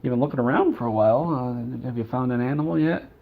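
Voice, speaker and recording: Casting: man playing an offhand pet shop worker, halting delivery, mid-pitched, muffled lo-fi. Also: creaky.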